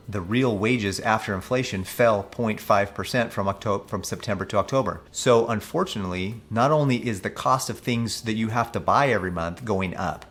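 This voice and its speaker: Give me a lowish male voice, skeptical and chatty. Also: fairly bright tone. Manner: skeptical, conversational, reads figures aloud; mocking when quoting officials. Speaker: financial coach. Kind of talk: casual commentary on news articles.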